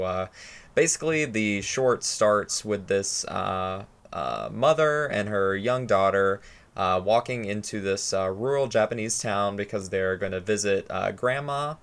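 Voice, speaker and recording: Low-voiced man retelling a spooky story. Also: clear, resonant tone. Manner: rambling, many fillers and restarts. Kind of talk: casual podcast chat.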